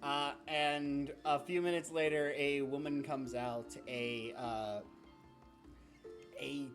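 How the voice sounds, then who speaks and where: Casual game master, giggly rambling narration, soft music behind, middle pitch. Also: fairly even intonation, slow pace. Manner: giggly, rambling, many fillers.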